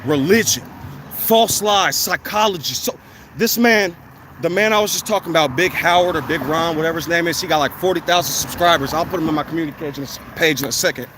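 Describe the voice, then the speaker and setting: Man, blunt profane vlog rant, high-pitched; outdoor recording with heavy traffic noise. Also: fast, fairly bright tone. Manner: blunt, heated, profane ranting. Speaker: vlogger. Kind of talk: walking vlog monologue. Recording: outdoor street noise, passing cars.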